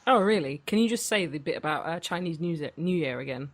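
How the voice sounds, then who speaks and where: A woman's voice: low-pitched, animated, fast. A woman co-hosting a casual podcast, blunt and teasing, who swears. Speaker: podcast co-host. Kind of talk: casual chat.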